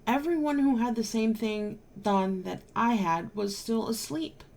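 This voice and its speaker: A woman's voice: fairly high pitch, measured pace, gravelly, a little mellow. A married woman vlogger telling a personal story to camera in an emphatic, exasperated way, now and then swearing. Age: adult, married.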